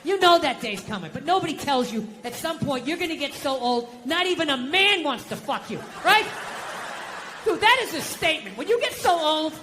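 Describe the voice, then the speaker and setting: Loud ranting man doing stand-up. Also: sing-song, moderate pace, slight background noise. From United States. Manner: loud, ranting, profane, swings between shouting and low muttering. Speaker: stand-up comedian. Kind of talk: stand-up comedy set.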